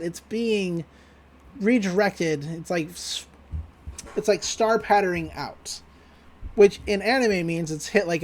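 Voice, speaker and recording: A podcast co-host giving a casual episode recap, retelling scenes and quoting characters in lively put-on voices, loose and profane, often laughing. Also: mid-range voice.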